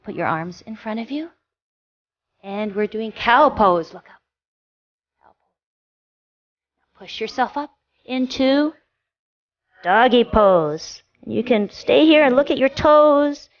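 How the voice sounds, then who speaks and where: A woman instructor gently guiding children through a yoga class with encouraging, sing-song cues. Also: fairly high pitch, lively intonation, takes it slowly, long pauses, lo-fi sound.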